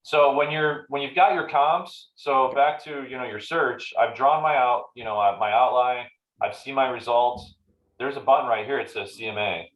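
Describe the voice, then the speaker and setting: A man in a roomy, echoey meeting room coaching agents in a loose, conversational way. His voice sits at an ordinary middle pitch, and he talks like he is chatting rather than lecturing. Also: normal speed, dull audio. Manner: conversational, acts out client dialogues in animated voices. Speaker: real estate team trainer. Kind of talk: casual training talk to agents.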